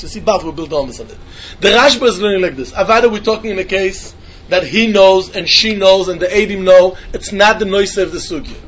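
Fast-talking male Talmud teacher, singsong back-and-forth reasoning. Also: sits high, a bit bright, slightly rough. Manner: sing-song questioning, repeats phrases, mixes Yiddish and Hebrew terms. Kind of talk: yeshiva-style Talmud lesson.

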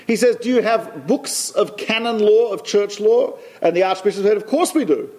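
A man's voice: sits high, expressive, moderate pace, darkish tone. A man giving an anecdotal talk to a congregation, repeating phrases for emphasis as he tells a story.

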